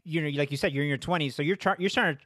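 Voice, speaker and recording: A man's voice: on the high side, rapid-fire, fairly bright tone, no room sound, clean studio sound. A man hosting a casual podcast, talking expressively, swearing freely and acting out what people said. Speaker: podcast host.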